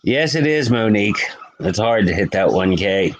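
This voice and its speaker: A man hosts a late-night live stream from home, his voice sitting a little low. He chats loosely with frequent restarts, warmly calling out viewers in the chat by name. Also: very animated, normal speed, low-quality recording. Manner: chatty, greets viewers by name, rambling with restarts. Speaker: livestream host. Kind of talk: casual live-stream chat reading comments.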